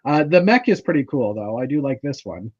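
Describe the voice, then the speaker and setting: A man from Canada hosts a casual stream chat, talking in loose, rambling runs with plenty of fillers and restarts. His voice sits at a middling pitch. The sound is dry and close, slightly dull like lo-fi stream audio. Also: animated, fairly quick, darkish tone, no room sound. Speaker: livestream host.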